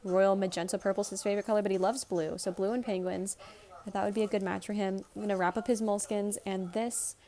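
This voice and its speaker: A woman in her twenties chatting casually in a vlog, talking fast and rambling a little, as she does when nervous. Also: mid-range voice, fairly even intonation, dark tone. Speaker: vlogger. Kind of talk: casual chat.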